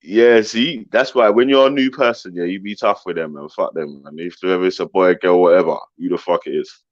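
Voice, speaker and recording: A man's voice: deep voice, fairly even intonation, a little fast, no echo, dull audio. A man hosting a casual live chat, brash and slang-heavy, swearing freely. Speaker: host.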